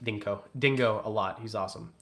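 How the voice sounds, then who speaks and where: A man's voice: lowish voice, fairly quick, a bit bright. A man hosting a casual livestream, reading super chats and teasing in a joking, rambling way. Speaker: livestream host.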